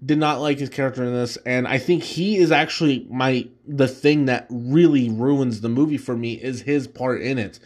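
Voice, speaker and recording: Hosting a casual solo show, a man ranks films in a rambling way, full of fillers and restarts, and laughs easily. His voice is medium-pitched and darkish, at normal speed with hardly any pauses.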